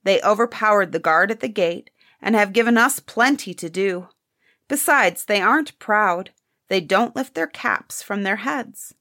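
A woman's voice: mid-range voice, a little slow, a bit bright. A woman voicing an anxious, deferential male palace servant explaining himself to his master.

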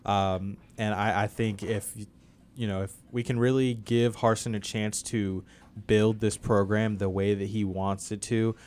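A man on sports radio gives his opinion in a low, smooth, clear voice. He speaks haltingly, with frequent ums and restarts. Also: level tone, a little mellow. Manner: halting, many fillers. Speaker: radio co-host. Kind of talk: casual sports commentary.

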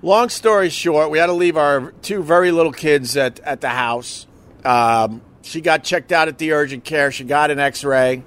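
At a moderate pace, a man whose voice is on the high side and a bit bright relates a personal emergency. He is a husband, and he tells it casually and emotionally, cursing and playing out the words of others.

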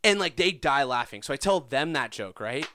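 A man's voice: mid-range voice, lively intonation, moderate pace, bright, forceful tone, slight background noise. A young man in casual chat, rambling with lots of filler words and frequent swearing.

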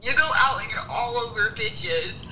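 High, lively young woman on speakerphone. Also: normal speed. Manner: laughing, teasing and skeptical. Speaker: phone call recipient. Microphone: phone on speaker. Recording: speakerphone call in a roomy space with loud noise.

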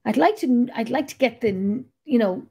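A woman's voice: fairly high pitch, lively intonation, moderate pace, mellow, slightly rough. A middle-aged woman hosting a podcast. She talks in a rambling, chatty way and swears freely. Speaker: podcast host. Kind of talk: casual chat.

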